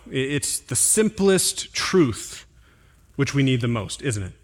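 A male pastor preaching a sermon, climbing to emphatic, higher-pitched stresses on key points and dropping low and quiet for asides and scripture references. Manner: drops to a quieter, lower tone for asides and reading references.

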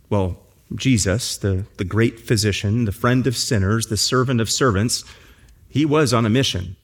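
A pastor preaching a sermon in church, building his points through earnest, emphatic repetition. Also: mid-range voice.

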